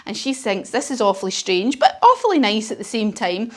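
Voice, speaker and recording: A woman's voice: on the high side, big pitch swings, fairly quick. A woman leading a children's yoga class while telling a story, playful and encouraging. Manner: encouraging, playful, sing-song. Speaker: kids yoga teacher.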